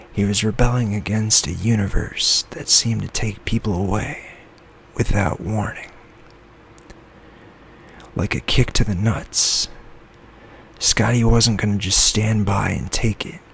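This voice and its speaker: A man reading his own novel aloud in a soft-spoken ASMR style, slipping into whispers now and then. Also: fairly even intonation, measured pace, gravelly. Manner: soft, low-key reading that slips into whispers. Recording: lo-fi with faint background noise.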